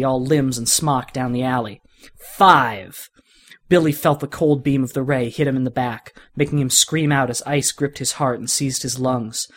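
A male podcast narrator with a husky voice reads a story aloud. His delivery is steady and conversational, at an average pitch for a man. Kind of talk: audiobook fan fiction reading.

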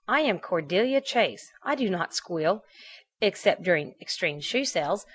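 A woman's voice: on the low side, fairly bright tone. Woman reading a fan fiction story.

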